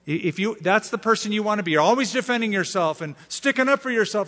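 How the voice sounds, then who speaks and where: A male pastor delivers a sermon in a voice pitched somewhat high, keeping it animated and joking as he acts out the people he quotes. His words ring out with the long reverb of a large hall. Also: quick pace.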